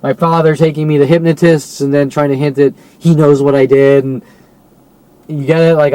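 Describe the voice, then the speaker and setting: A man's voice: on the high side, level tone, moderate pace, warm tone, dry recording, poor audio. A man delivering a rambling, agitated monologue, full of swearing and rhetorical questions. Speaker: vlogger.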